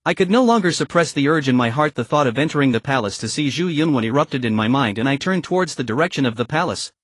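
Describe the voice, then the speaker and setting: A man's voice: medium pitch, expressive, quick pace, no echo. Man narrating a martial arts audiobook. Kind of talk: first-person scripted audiobook narration.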